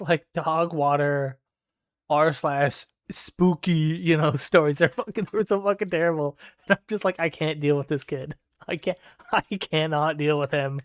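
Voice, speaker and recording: Young male streamer, casual and profane, storytelling between game moments; higher voice, dry. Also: no room sound. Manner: rambling, profane, lots of 'like' fillers. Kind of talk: casual storytelling while gaming.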